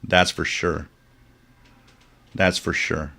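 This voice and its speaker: A man's voice: extremely low pitch, level tone, slow, creaky, pushed and bright, slightly rough. A man hosting a live stream, telling rambling stories with chuckles and fillers and reading out viewer comments. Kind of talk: casual chat.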